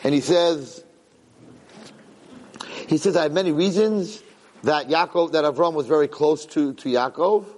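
A man teaching a Torah class, animated, jumping high when he acts out a yelling parent. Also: a little slow, long pauses. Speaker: Torah lecturer. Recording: long hall reverb.

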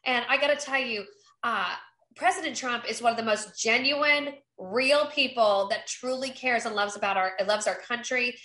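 A woman's voice: fairly high pitch, normal speed, bright, forceful tone, reverberant, low-quality recording. A woman running for Congress, from North Carolina, speaking upbeat and effusive in a podcast interview, often restarting her sentences. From Eastern North Carolina. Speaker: congressional candidate.

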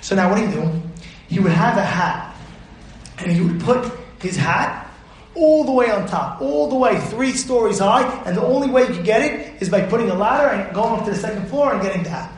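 A man's voice: high voice, lively intonation, fairly quick. A man, a rabbi, giving an emphatic Torah class lecture, repeating his points and putting questions to his listeners. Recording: roomy echo.

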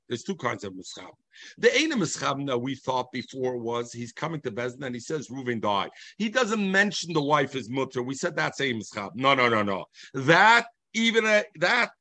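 A man teaches a Talmud class, explaining each passage in an animated, sing-song way and mixing in Hebrew and Yiddish terms. His voice is a little high, and there's no echo.

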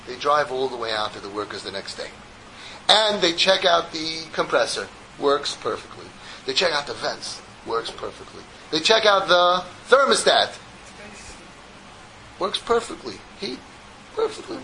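Animated rabbi telling a parable. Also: male voice, fairly high pitch, measured pace, slight background noise, rough recording. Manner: animated storyteller, joking with listeners. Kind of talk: sermon with a parable.

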